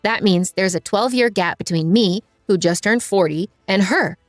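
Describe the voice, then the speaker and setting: A woman giving an even, storytelling narration of a first-person story. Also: medium pitch, normal speed, no room sound. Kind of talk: scripted narration. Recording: dry voice over faint music.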